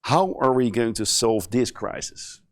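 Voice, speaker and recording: A man hosts a conference session in an ordinary mid-range voice. He chats in an easygoing way and fills his phrases with frequent pauses. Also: medium pitch, lively intonation. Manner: chatty, frequent filler pauses. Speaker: moderator.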